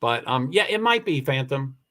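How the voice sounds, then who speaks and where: With a sharp tone and a very animated mid-range voice at normal speed, a man chats casually on his livestream, reading comments aloud. He is emotional and close to crying, rambling with many restarts. He speaks into a computer mic for the live stream.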